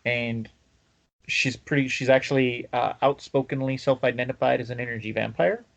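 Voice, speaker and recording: A man hosting a podcast, chatting casually and rambling with many pauses and fillers. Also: medium pitch, steady tone, creaky. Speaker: podcast host. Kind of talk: casual chat.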